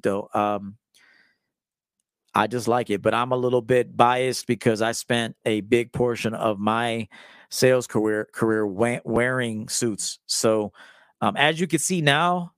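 A man's voice: mid-range voice, no echo, clean studio sound. A man in his forties, a style coach hosting a live stream, talking casually in a loose, joking, profane way. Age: 40s.

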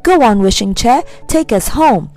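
A woman's voice: a little high, lively intonation, a little slow, a little mellow, pitched above the performer's own voice. A woman voicing a frightened but defiant young boy in a storybook reading. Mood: earnest.

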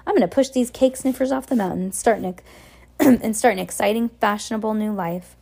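Bratty spoiled little girl, snippy and quick, as a lady reads her. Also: medium pitch, gravelly, mellow. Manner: bratty, self-centered.

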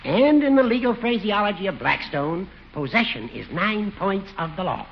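Teasing older judge, drawling, mock-pompous, 1940s radio comedy, muffled recording. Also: male voice, high-pitched, big pitch swings, moderate pace. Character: dry, teasing older male judge and lawyer.

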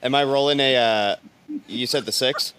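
A man's voice: mid-range voice, moderate pace, background noise. A man playing a tabletop game, blunt and crude, laughing a lot. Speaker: player. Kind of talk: casual tabletop game play.

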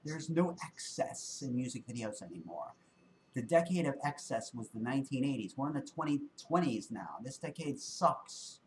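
A man's voice: medium pitch, a little hiss or hum, rough recording. A man casually reacting to a music video, laid-back and wry, often repeating words as he thinks aloud.

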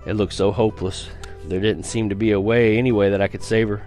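A man's voice: lowish voice, steady tone, quick pace, darkish tone, soft background music. Earnest man reading a story aloud. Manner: earnest storytelling with small restarts and stumbles. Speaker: reader of a novel. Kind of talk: amateur read-aloud narration of a first-person story.

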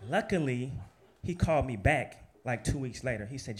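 Animated man telling a story. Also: mid-range voice, moderate pace. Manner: animated, laughing, casual and profane; acts out other people's lines in lively quoted voices. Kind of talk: live personal storytelling.

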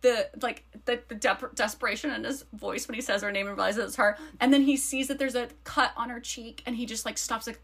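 A slightly high-voiced woman chatting about a novel she adores, quoting lines and dropping into a softer tone to read. Casual and warm in delivery. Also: fairly even intonation, a little fast, few pauses, background noise. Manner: gushing, reads passages aloud softly. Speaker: podcast co-host. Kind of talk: casual book discussion.

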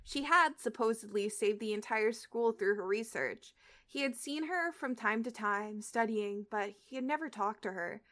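Brief: young woman, bright tense tone, casual read-aloud with restarts. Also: on the high side, moderate pace. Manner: reads aloud with slips and restarts, breaks off into chat full of "like". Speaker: podcast co-host reading fan fiction aloud. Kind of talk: casual reading and chat.

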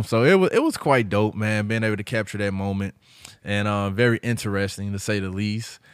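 Animated man telling a story, dry mic. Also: on the low side, clear, resonant tone, no room sound. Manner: animated retelling, acts out quoted voices. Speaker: podcast host. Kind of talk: casual storytelling chat.

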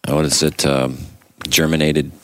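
A man's voice: a bass voice, level tone, measured pace, a bit bright, a little hiss or hum. A man hosting a comedy podcast, joking and rambling in a loose, casual way. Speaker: podcast host. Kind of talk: casual chat.

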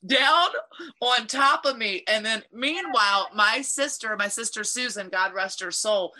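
Bright-voiced woman telling a wild story. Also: fairly high pitch, measured pace. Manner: animated, profane storytelling. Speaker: storyteller in group chat. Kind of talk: casual chat.

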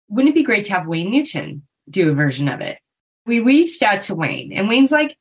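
A woman's voice: medium pitch, expressive, brisk. A woman telling a personal anecdote in a conversational, amused way and acting out the people she quotes. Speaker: storyteller. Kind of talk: casual storytelling.

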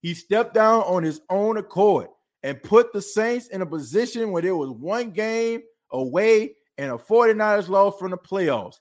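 A podcast host in a fired-up sports talk rant, animated and preachy, calling his listeners folks. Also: high-pitched, measured pace.

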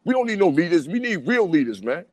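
Fast-talking animated New man. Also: sits high, no echo, dull audio. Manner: fast, animated street talk, repeats "you know what I'm saying". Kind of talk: casual chat.

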